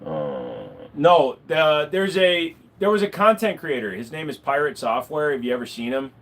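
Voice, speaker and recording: Animated, rambling male livestreamer. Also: fairly high pitch, normal speed. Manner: animated, swearing, rambling with fillers. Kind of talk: casual live-stream chat.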